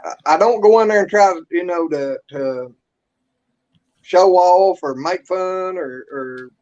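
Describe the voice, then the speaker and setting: A man co-hosting a casual live stream, talking haltingly, repeating words and filling with "you know". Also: sits high, a little mellow, dull audio. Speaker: co-host.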